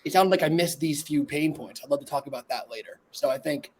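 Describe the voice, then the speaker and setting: A man's voice: fairly high pitch, fast, slightly rough. A man, a salesman who talks in an upbeat, plain-spoken way and often laughs, over a video call. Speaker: sales rep. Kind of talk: casual sales chat.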